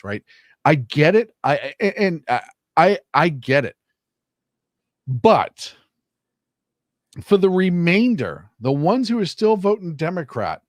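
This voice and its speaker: A man speaking on a close studio mic, his voice sitting a little high and swinging widely in pitch as he argues his point. He presses hard and keeps asking rhetorical questions, and the sound is dry with no room around it. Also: no room sound. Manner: emphatic, indignant, rhetorical questions. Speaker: podcast co-host. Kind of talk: opinionated political commentary.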